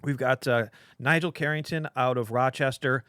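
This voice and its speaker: Rambling comic-shop host, dry sound. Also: male voice, medium pitch, steady tone, moderate pace, a bit bright, no echo. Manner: rambling, joking, many filler sounds. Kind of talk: casual live-stream chat opening cards.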